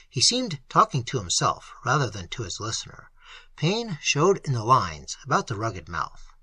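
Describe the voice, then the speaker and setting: A hoarse reader narrates an audiobook with expressive, dramatic delivery. The voice is husky yet bright and swings widely in pitch. The recording is dry and close to the mic. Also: moderate pace, no room sound, low-quality recording.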